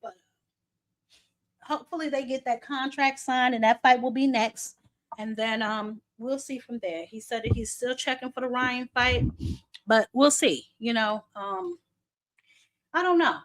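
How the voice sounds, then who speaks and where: Woman host, fairly high voice, blunt chatty delivery to viewers, slightly winded. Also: measured pace, pauses often, a bit bright. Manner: blunt, chatty, addresses viewers as y'all, swears casually. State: short of breath. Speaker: boxing commentary host. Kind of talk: casual livestream chat with viewers.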